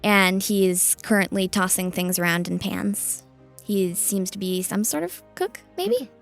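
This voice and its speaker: A woman's voice: mid-range voice, a little slow, gravelly, soft background music. A woman narrating as game master in a tabletop game, describing scenes hesitantly with many fillers.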